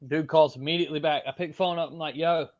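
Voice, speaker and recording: A man from Florida with a strong Southern US accent, a podcast guest telling his story in a loose, animated way, full of fillers and casual swearing. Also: a little high, very fast, lo-fi sound.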